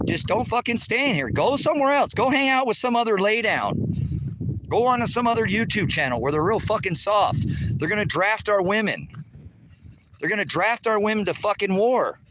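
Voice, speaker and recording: A man's voice: medium pitch, a bit bright, a little hiss or hum. A man livestreaming outdoors on rural land, touring his property and ranting at viewers' comments, combative and swearing constantly, recorded on a handheld phone while walking. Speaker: livestreamer giving a property tour.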